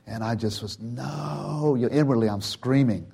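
An older man speaks to a church gathering in an informal, conversational way. He tells a story from his early days, breaks off and restarts his sentences often, and acts out what people said. His voice sits at an ordinary middle pitch. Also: normal speed, vocal fry, few pauses, slightly rough. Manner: chatty and warm, acts out quotes, frequent "you know" and restarts. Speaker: church speaker telling a testimony.

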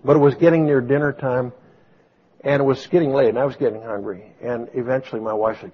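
A man preaching a sermon, swinging from booming exclamations to soft storytelling. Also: steady tone, a little fast, slight background noise. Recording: dull lo-fi sound.

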